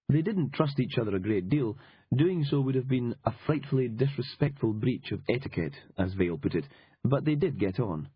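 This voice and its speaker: A man narrating an audiobook in a dry, wry and measured manner. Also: mid-range voice, breathy edge, no echo. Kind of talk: scripted narration. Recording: dull lo-fi audiobook recording.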